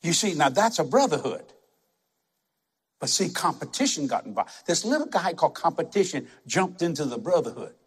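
A man's voice: fairly high pitch, big pitch swings, normal speed, slightly rough. A man preaching a sermon, emphatic and conversational, repeating words for effect.

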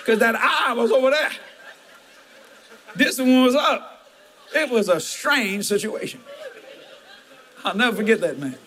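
A pastor delivers a sermon in a notably high voice. He mixes firm declarations with folksy, chuckling storytelling and emphatic asides to his congregation. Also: big pitch swings, moderate pace, long pauses, bright, forceful tone, a faint crowd.

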